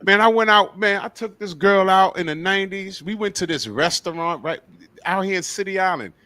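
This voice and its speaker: A middle-aged man hosts a podcast chat and spins a profane, animated story. His voice sits a little high and rings bright. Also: a little fast, no echo. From New York. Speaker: podcast host. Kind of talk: casual chat.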